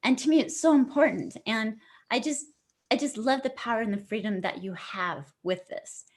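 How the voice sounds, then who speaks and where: A middle-aged woman speaking as a guest author in an online interview. Her voice sits a little higher than most. She talks in an earnest, open-hearted way and grows emotional at times. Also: normal speed. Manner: earnest, effusive, tearful at moments.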